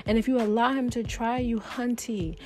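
A woman's voice: on the high side, steady tone, moderate pace, a little mellow, soft background music. A woman vlogger giving casual motivational advice, emphatic and preachy, talking loosely with many fillers. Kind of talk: casual motivational talk to camera.

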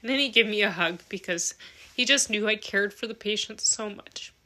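Woman podcast host, solo monologue, bright and forceful tone, heartfelt and blunt. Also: medium pitch, moderate pace. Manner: earnest, emotional, swears casually. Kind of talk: candid personal monologue.

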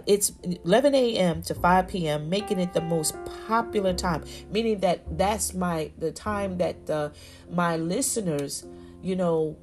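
A woman's voice: lowish voice, a little mellow. A woman hosting a faith podcast, talking effusively and exclaiming often, with frequent "you know" and "y'all". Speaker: podcast host.

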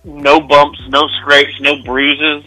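A man with a bright, somewhat high voice makes his point bluntly and emphatically, swearing as he goes. The sound is dry and close, with faint music behind him. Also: monotone, slow, dry recording, rough recording. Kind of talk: casual chat.

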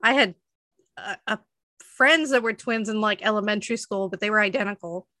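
Chatty young woman, bright dry voice. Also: mid-range voice, brisk, dry recording. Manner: chatty storytelling, laughs often, many fillers. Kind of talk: casual chat.

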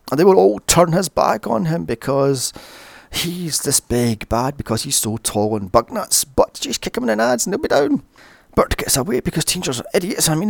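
A man's voice: medium pitch, gravelly, no room sound. A man narrating a sarcastic, sweary film recap in a mocking, exasperated manner.

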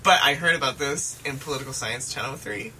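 Young podcast cohost, super bright sharp tone, playful and joking, slight background hum. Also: mid-range voice, a little fast, poor audio. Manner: playful, mock-dramatic. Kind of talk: casual chat.

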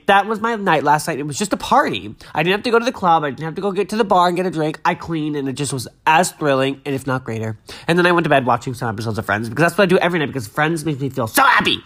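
A man's voice: on the high side, fairly bright tone. A young man hosting a podcast, chatting casually and reading news aloud in a gushing, dramatic way, a little stuffy-nosed. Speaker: podcast host.

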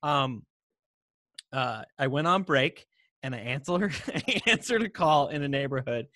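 A man's voice: medium pitch, lively intonation, a little slow, fairly bright tone, dry recording, clean studio sound. A young man telling rambling, crude stories in casual chat and laughing often as he talks.

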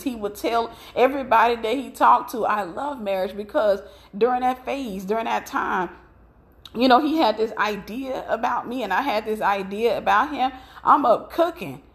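A middle-aged woman preaching in a conversational, storytelling way, telling about her own marriage. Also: on the high side. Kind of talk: sermon with personal story.

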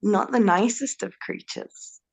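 A woman's voice: mid-range voice, measured pace, vocal fry, husky. A young British woman, a guest in a casual interview, giggly and self-deprecating. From United Kingdom. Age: young adult. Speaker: guest, social media personality.

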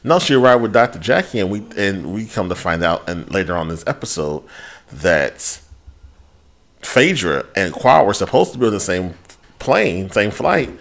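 Male podcast co-host, lively swinging pitch, cussing and ranting. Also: moderate pace, vocal fry. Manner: profane, animated ranting; quotes people in put-on voices. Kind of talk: casual chat.

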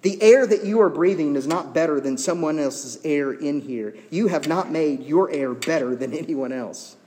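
A man's voice: on the high side, moderate pace, dark tone, in a large hall. A man preaching a sermon in an earnest, conversational way, with teasing asides to the congregation. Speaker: pastor.

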